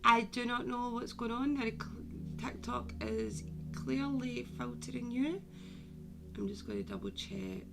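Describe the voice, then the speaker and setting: A woman's voice: a little high, fairly even intonation, measured pace, creaky, over music. A woman hosting a live stream as a medium, chatting casually with viewers and calling them "my darling".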